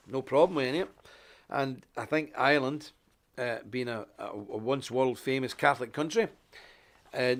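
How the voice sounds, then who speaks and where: A man from Ulster with an Ulster Scots accent, hosting a live show in an animated, chatty monologue and chuckling often. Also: fairly high pitch. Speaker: host.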